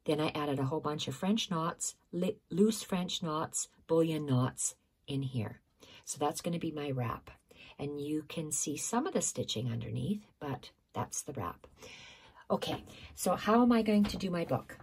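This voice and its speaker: A woman with a low, deeply breathy, husky voice talks through her stitching work in a casual tutorial. She speaks unhurriedly, repeats each measurement, and stops to correct herself. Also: expressive, unhurried, darkish tone.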